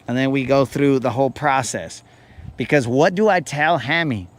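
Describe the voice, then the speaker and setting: A man's voice: medium pitch, moderate pace, a little hiss or hum. A man hosting a fishing show who tells a rambling, playful story in casual slang. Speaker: fishing podcast host.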